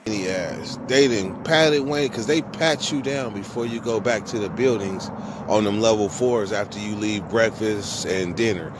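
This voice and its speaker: A man casually telling a long story from his own past, with profane, slangy speech and animated quoted dialogue. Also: on the low side, normal speed, background noise. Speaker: vlogger.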